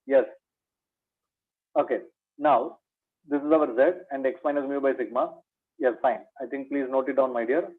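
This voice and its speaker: With a steady, mid-range voice at normal speed, a maths teacher leaves long pauses as he delivers revision material. He rephrases each point as a question to his students, calling them "my dear," over lo-fi, tinny audio.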